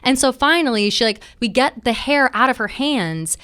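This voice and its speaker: Young female podcast co-host, casual storyteller, swears a lot, smooth clear tone. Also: fairly high pitch, moderate pace. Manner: animated storytelling, swears freely, says "like" a lot. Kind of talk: casual chat.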